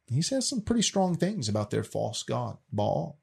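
Husky male teacher, casual, earnest, restarts often. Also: mid-range voice, very animated, normal speed. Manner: earnest, repeats words as he restarts.

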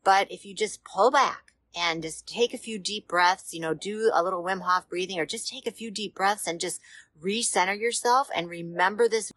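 A woman hosting a motivational podcast, talking in a gentle, reassuring, conversational way with small pauses and fillers. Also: medium pitch, no room sound. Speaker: podcast host.

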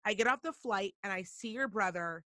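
A woman hosting a talk show, telling a story in a blunt, profane and animated way. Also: mid-range voice, fairly quick, dry recording, studio quality. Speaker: podcast host. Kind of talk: casual storytelling.

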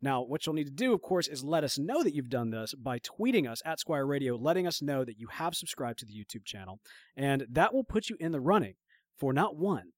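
A man from Mississippi with a deep Southern accent, co-hosting a podcast in relaxed, rambling chat and laughing often. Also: brisk, no room sound, studio quality. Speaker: podcast co-host. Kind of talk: casual chat.

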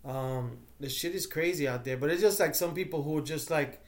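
A man's voice: a little high, a little fast. A man hosting a podcast in loose, rambling casual chat, full of fillers and swearing. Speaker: podcast host.

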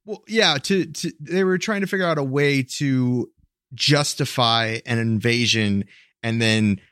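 A man's voice: medium pitch, unhurried, fairly bright tone, dry recording, studio quality. A man co-hosting a podcast, explaining a history topic in a rambling, hesitant way, full of fillers and self-corrections. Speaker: podcast co-host. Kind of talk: casual explanatory chat.

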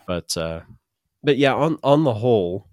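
A man's voice: medium pitch, animated, measured pace, darkish tone, dry recording, studio quality. A man co-hosting a podcast in casual chat, with many restarts and fillers. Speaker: podcast co-host.

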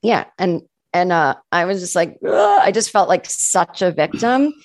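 A woman's voice: fairly low pitch, normal speed, no echo, studio quality. A woman comedian, a podcast guest, telling stories in casual chat, full of "like" and acting out what people said. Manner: chatty, fills speech with "like", acts out quoted people. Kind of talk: casual podcast interview storytelling.

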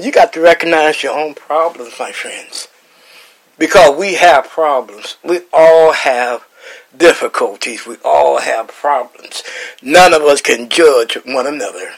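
A man's voice: on the high side, poor audio. A man hosting a Bible chat, preaching with repeated lines and rising emotional emphasis. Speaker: host and Bible teacher.

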